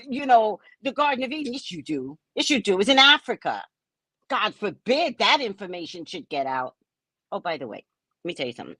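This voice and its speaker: A woman hosting a casual live stream, chatting with viewers by name in a lively, talkative way. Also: mid-range voice, brisk, slightly rough, no echo. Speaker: psychic live-stream host.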